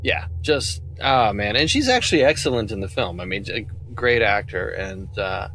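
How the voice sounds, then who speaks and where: A man's voice: fairly low pitch, normal speed, slight background noise. A man hosting a casual podcast chat about a movie, laughing often and quoting lines from it. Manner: animated, laughs often, quotes lines from the film. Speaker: podcast host.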